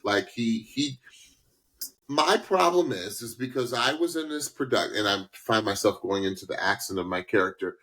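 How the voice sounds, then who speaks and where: A man's voice: fairly low pitch, expressive, normal speed, a bit bright, rough recording. A man co-hosting a podcast, chatting casually in a put-on New York accent and drawing out his points. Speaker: podcast co-host. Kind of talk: casual reaction chat.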